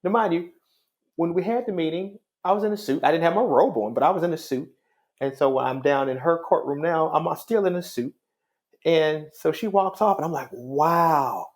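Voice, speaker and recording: A middle-aged man, a judge, telling a story in an interview in a calm, wry, conversational way. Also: a little high, fairly quick.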